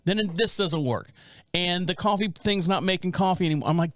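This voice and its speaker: A man's voice: high voice, a little fast, dry recording, clean studio sound. A man in his forties co-hosting a podcast, telling a long story with lots of restarts. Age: 40s. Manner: rambling, animated storytelling with frequent restarts. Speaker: podcast co-host. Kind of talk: casual storytelling chat.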